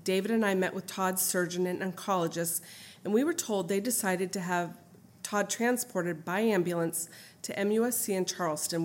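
Earnest middle-aged woman reading her memoir. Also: on the low side. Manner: earnest, heartfelt, steady reading. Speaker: memoir narrator. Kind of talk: reading a personal memoir aloud.

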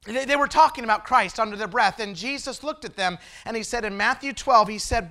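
A male preacher with a high-pitched voice delivers a sermon. His tone is bright and forceful, and he swings between loud, emphatic preaching and low, hushed asides. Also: brisk, hardly any pauses.

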